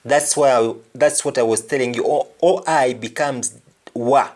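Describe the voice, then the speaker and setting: A man teaching a pronunciation lesson, speaking deliberately and repeating each word to demonstrate how it sounds. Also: medium pitch. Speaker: language teacher.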